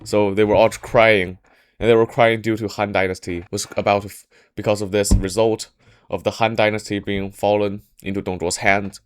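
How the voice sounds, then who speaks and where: Halting man retelling history. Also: lowish voice, level tone, clear, resonant tone. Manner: halting, frequent restarts and self-corrections. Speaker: podcast storyteller. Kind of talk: casual history storytelling.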